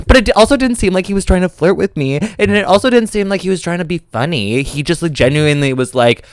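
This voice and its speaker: A young man co-hosts a casual podcast and tells his stories with lively acted-out quotes. His voice sits a bit high and comes through smooth and clean. The close mic sounds dry. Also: fast, hardly any pauses, dry recording. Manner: animated storyteller who acts out quoted voices. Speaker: podcast co-host. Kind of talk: casual chat, storytelling.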